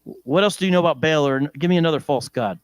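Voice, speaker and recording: A male preacher with an American accent giving a lively sermon in church, joking and asking the congregation questions. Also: a little high, fast, clean tone, no room sound.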